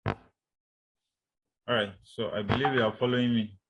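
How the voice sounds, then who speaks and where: A male lecturer explains material to his students at a measured pace. His pitch sits in an ordinary middle range. He fills his pauses with "um" and "uh" and repeats his main points. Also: steady tone, slightly rough, muffled recording. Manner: deliberate, many fillers, repeats key points. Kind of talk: university lecture.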